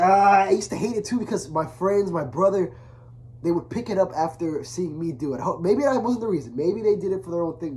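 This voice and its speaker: A young man talking casually to camera, earnest and rambling, full of restarts, growing softer when he speaks of his father. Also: a little high, a little hiss or hum. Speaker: vlogger. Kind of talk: casual confessional talk to camera.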